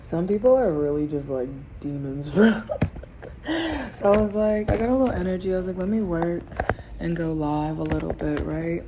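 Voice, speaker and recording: A woman's voice: on the low side, normal speed, background noise. A woman vlogging at home with her camera propped up, ranting casually and talking straight to her viewers with slang and laughs. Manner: lively, laughs while ranting. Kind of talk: casual chatty vlog storytime. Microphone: camera propped in front.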